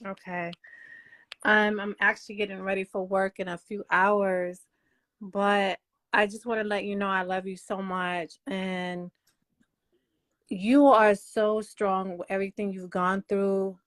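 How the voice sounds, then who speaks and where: A woman hosting her own channel, speaking slowly in a halting, emotional monologue full of fillers and restarts. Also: mid-range voice, level tone, a bit bright. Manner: halting, repetitive, many fillers. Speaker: channel host.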